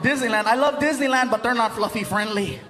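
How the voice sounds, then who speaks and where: Brief: high-pitched male stand-up comic, animated storyteller, live recording with noise. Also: fast talker, over a noisy crowd. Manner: animated, loud, playful voices and sound effects. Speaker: stand-up comedian.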